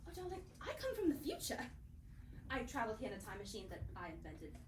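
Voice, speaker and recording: A woman playing an excitable, genteel female inventor and time traveler on a live stage, with a theatrical, breezy manner. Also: a little high, fast talker. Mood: explaining. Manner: theatrical, breezy, prim and gushing. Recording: roomy theatre heard from far off, noisy.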